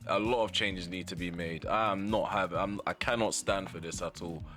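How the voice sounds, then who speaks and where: A man's voice: deep voice, sharp tone. A man giving live commentary over his own football video game match, often exasperated and ranting about how it is going. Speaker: gaming channel host.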